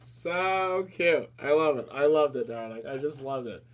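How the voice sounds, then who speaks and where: A man hosting a casual talk show, animated and rambling, calling listeners darling and honey. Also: medium pitch, a little fast. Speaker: podcast host. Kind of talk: casual chat.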